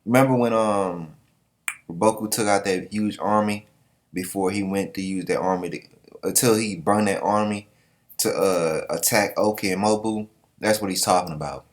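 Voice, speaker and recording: A man with a fairly low voice talks through a comic chapter in loose, casual commentary. He jokes and curses freely, reading the panels out and reacting as he goes. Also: normal speed. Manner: profane, joking, reads panels aloud in put-on voices. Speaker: manga reaction host.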